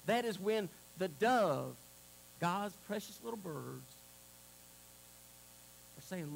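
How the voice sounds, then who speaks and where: A man preaching a sermon to a congregation, moving between loud exclamations and a hushed altar call. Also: sits high, expressive, slow pace, vocal fry, pauses often, slight background noise, low-quality recording. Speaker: pastor. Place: church sanctuary.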